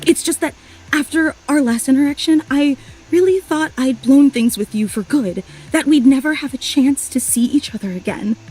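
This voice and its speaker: A woman's voice: high-pitched, moderate pace, darkish tone, natural voice, poor audio. A woman voicing an overly emotional, clingy young female superfan in a video game, gushing and apologizing in a tearful rush.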